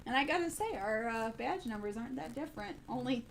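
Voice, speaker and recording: A woman's voice: a little high, lively intonation, brisk, low-quality recording. A young woman from the Midwest chatting casually on a late-night news livestream, rambling with plenty of ums and restarts. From American Midwest.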